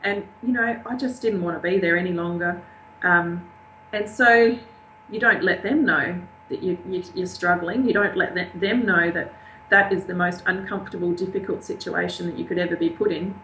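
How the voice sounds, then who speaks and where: A woman's voice: fairly low pitch, steady tone, normal speed, sharp tone. A woman, an interview guest, candidly and earnestly recounting a painful family event. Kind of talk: personal storytelling. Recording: roomy, echoey with faint hum.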